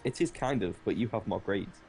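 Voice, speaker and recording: A man chatting casually on a game stream, laid-back and quick to laugh. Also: on the low side, lively intonation, a little mellow, soft background music.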